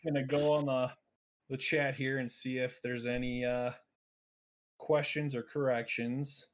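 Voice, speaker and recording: A man's voice: mid-range voice, level tone, moderate pace. Laid-back man hosting a gaming podcast. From United States. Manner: runs the segments, laughs often. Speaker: podcast host. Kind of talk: casual gaming podcast chat.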